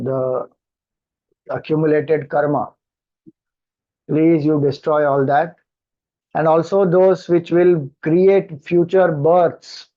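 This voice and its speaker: A spiritual teacher with an Indian English accent gives a scripture discourse in a slightly high, patient, a little mellow voice, slowly chanting mantras before explaining them phrase by phrase. The recording sounds dull and lo-fi.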